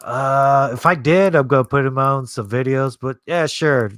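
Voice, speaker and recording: A man's voice: medium pitch, moderate pace, fairly bright tone, no echo. A man hosting a live movie watch-along stream, chatting loosely and swearing freely while he answers his chat. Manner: rambling, profane, reads chat aloud.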